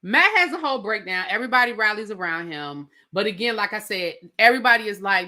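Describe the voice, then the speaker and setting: A woman reviewing a reality show in a casual, animated and sassy recap, talking straight to her viewers. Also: medium pitch, fairly quick, few pauses. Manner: animated, sassy, emphatic, addresses viewers directly.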